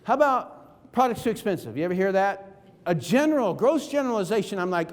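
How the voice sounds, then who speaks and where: A man's voice: high voice, big pitch swings, fairly quick. A man giving a motivational seminar talk, emphatic and full of rhetorical questions to the audience. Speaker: keynote speaker. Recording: reverberant hall.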